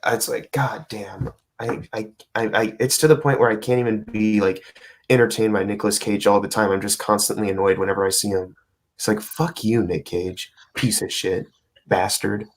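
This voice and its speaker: Young male co-host, lower pitch, exasperated, stammering rants full of curses. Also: level tone, a little fast. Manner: exasperated ranting, stumbling restarts, heavy swearing. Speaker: podcast co-host. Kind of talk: casual movie preview chat.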